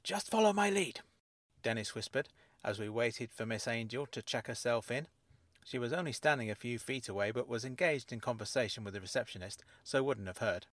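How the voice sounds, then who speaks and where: A man narrating a first-person mystery story as scripted audiobook narration, in a hushed, understated way. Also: medium pitch, brisk, dry recording.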